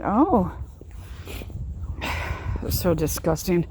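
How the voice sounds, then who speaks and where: Speaking slowly with lively intonation and many pauses, a woman vlogger shares a personal experience in casual to-camera storytelling. Her medium-pitched voice is a little mellow, she's emphatic and repetitive with frequent restarts, and there's slight background noise.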